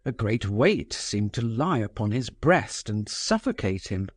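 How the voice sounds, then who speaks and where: Slow, expressive male audiobook narrator. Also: on the low side, no room sound, clean studio sound. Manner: measured, expressive reading. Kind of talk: scripted narration.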